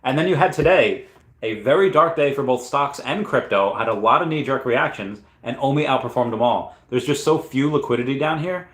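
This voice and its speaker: A man's voice: mid-range voice, brisk, fairly bright tone. A man hosting a casual livestream, reading out chat questions and answering them in a loose, rambling way, often correcting himself as he thinks aloud. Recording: roomy echo.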